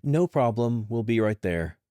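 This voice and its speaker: A man's voice: mid-range voice, animated, unhurried, warm tone, no echo, voice pushed up, natural voice. A man voicing a good-natured female scientist with a dry, teasing manner.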